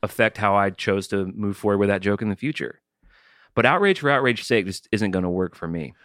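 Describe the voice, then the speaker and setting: Low-voiced thoughtful male podcast host. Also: animated, brisk, fairly bright tone, no echo, clean studio sound. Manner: thoughtful, reasoning aloud with restarts. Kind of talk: casual podcast discussion.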